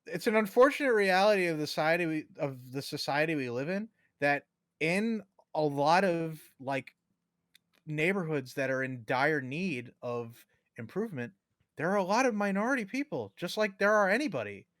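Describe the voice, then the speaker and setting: A man co-hosting a casual podcast discussion, talking in an animated way and swearing casually. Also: on the high side, normal speed, no echo, clean studio sound. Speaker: co-host.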